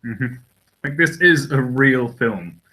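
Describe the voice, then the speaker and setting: A man's voice: medium pitch, lively intonation, slow, bright, forceful tone, low-quality recording. A man co-hosting a casual podcast chat, rambling and hesitant, often restarting his sentences. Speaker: podcast co-host.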